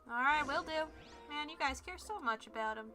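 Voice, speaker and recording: A woman's voice: high-pitched, lively intonation, fairly quick, sharp tone, soft background music. A young woman streaming a video game, ranting in exasperation with sudden outbursts. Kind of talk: gameplay commentary.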